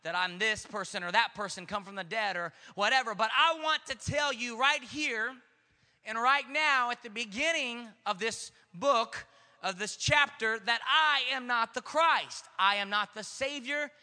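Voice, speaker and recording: A preacher voicing a bold declaring prophet. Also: male voice, extremely high pitch, a little slow, pushed and bright, long reverb tail, full character voice. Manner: emphatic, declaring. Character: bold grown male prophet, plainspoken.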